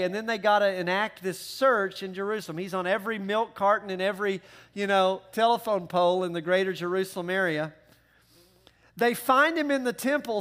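A male pastor preaching a sermon in an animated, conversational way with joking asides. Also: high voice.

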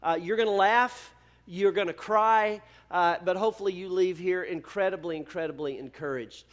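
A man's voice: high voice, moderate pace. A man introducing a family's story to a gathering, hesitant and full of fillers. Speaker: speaker introducing the testimony. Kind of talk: casual introduction.

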